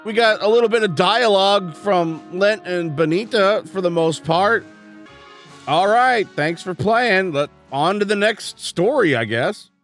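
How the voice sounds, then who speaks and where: A man's voice: high-pitched, lively intonation, measured pace, fairly bright tone, faint music behind. A man reviewing a video game as he plays, exasperated and sarcastic, swearing often. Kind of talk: let's-play commentary.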